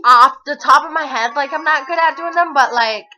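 A woman's voice: sits high, normal speed, bright, forceful tone. A young woman in her twenties chatting casually to the camera in a rambling, forgetful way, full of fillers. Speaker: vlogger. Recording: dull lo-fi home video sound.

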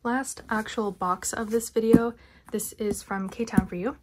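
A young woman vlogging a haul of collector albums, chatting casually and gushing like an excited fan with whispered asides. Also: a little high, a little slow, heavy background noise. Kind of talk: casual unboxing haul vlog.

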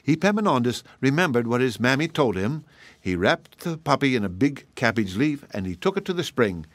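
Man, storybook reading, measured and gentle pacing, middle pitch, dry close sound. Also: dry recording. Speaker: narrator reading a children's story.

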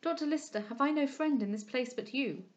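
A frail, gentle young lady from a storybook speaks softly and kindly, voiced by a woman reader. Her voice sits a touch high. The recording is dull and lo-fi. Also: a little fast, close to an everyday voice. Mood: feeble, fond. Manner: soft, feeble and kind.

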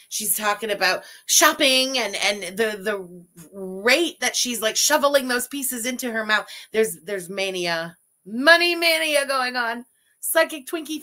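A woman's voice: fairly high pitch, measured pace, pushed and bright. A woman hosting a live stream, reacting to a video with profane, mocking and heated commentary and reading out viewer messages. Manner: reads out super chats.

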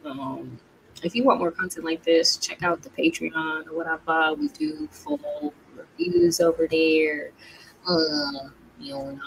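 A young woman giving a casual, animated movie-review rant, laughing often. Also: on the low side, a little hiss or hum, poor audio. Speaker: video creator reviewing movies. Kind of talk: casual ranting review vlog.

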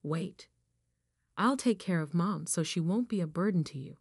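A woman's voice: lowish voice, animated, moderate pace, breathy edge, no room sound, clean studio sound. A woman voicing a defensive adult man who pleads and demands, in her everyday voice. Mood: pleading.

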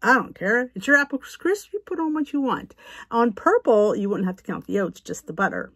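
A woman's voice: a little high, expressive, a little fast, fairly bright tone, slightly rough, poor audio. A woman hosting a home cooking video, talking viewers through a recipe in a chatty, rambling way. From United States. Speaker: cooking vlog host. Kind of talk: casual cooking demonstration.

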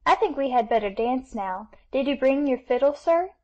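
A woman's voice: a little high, moderate pace, a little mellow, close to an everyday voice, poor audio. A woman reading as a prim little girl playing mother. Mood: stern. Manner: earnest, polite, bossy.

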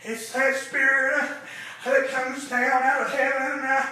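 A man preaching, chanting his sermon in bursts, with a sharp "uh" breath before each phrase. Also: extremely high pitch, completely flat delivery, unhurried, slight background noise. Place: church sanctuary. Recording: echoey church from far off.

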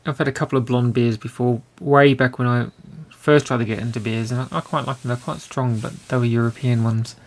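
A man's voice: mid-range voice, steady tone, fairly quick, few pauses. Jokey man in a casual chat. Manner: jokey, teasing. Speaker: podcast co-host.

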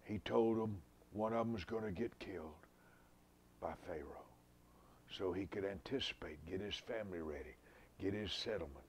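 A man preaching a sermon, swinging from loud outbursts to hushed whispers. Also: low-pitched, normal speed, a little hiss or hum.

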